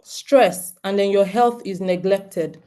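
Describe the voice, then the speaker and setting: A woman's voice: medium pitch, takes it slowly, mellow. A Nigerian woman in her thirties speaks to a group of homeschooling parents. She is earnest and direct, and she keeps turning to her listeners with questions. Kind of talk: talk to parents.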